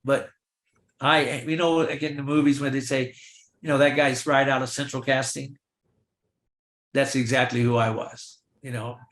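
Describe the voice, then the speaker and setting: An older man, a veteran film extra, telling lively anecdotes in a Q&A and acting out the dialogue of the people in them. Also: mid-range voice. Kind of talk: storytelling in a virtual Q&A. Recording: roomy echo.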